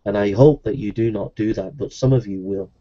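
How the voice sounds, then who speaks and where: A man's voice: lowish voice, brisk, warm tone, muffled recording. A man preaching a sermon in an earnest, repetitive evangelistic style.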